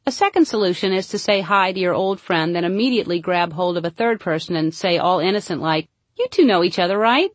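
A woman reading a humorous book aloud, mostly deadpan with sudden playful jumps into high emphasis. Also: fairly quick, hardly any pauses, dry recording. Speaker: narrator. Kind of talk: comic audiobook narration.

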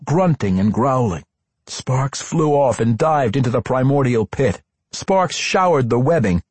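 A man narrating a fantasy audiobook in an expressive, dramatic reading with character voices. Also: mid-range voice, husky, dry recording.

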